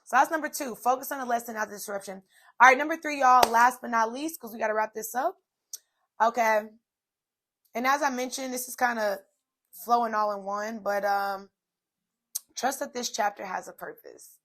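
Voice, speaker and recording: Chatty woman, slightly high voice. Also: normal speed. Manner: chatty, animated storytelling with many fillers. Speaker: podcast host. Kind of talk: casual solo podcast talk.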